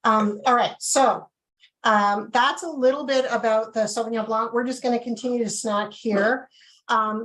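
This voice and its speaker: A chatty woman walks viewers through a live wine tasting, talking casually with plenty of ums. Her voice sits a bit high, and she comes through a video call. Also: fairly bright tone, poor audio. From Canada. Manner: chatty, filler-heavy explaining.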